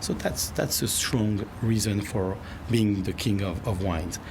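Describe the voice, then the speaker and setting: A man with a French accent talks through his answer slowly, pausing to find his English words. His voice sits a little low. A clear layer of background noise runs under the recording. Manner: thoughtful, searching for words. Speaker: winemaker and CEO. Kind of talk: interview answer.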